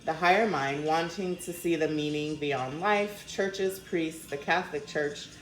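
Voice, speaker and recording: A woman's voice: deep voice, measured pace, echoey room, over music, low-quality recording. A woman from Denver with a slight Maryland accent, giving a casual tarot reading and chatting loosely with fillers and swearing. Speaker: tarot reader.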